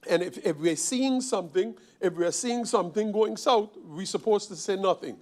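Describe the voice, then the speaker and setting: A man's voice: high-pitched, normal speed, darkish tone. A man from Sint Maarten, a member of parliament, giving an emphatic parliamentary speech with repeated phrases and rhetorical questions. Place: parliament chamber.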